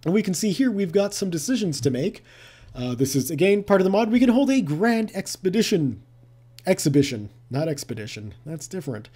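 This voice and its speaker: A man talks through a strategy game in a relaxed, chatty way, thinking aloud and tossing in playful jabs. His voice is mellow and dark, and it rises and falls a lot as he goes. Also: sits high, normal speed, slightly rough. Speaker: gameplay commentator. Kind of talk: casual let's-play commentary.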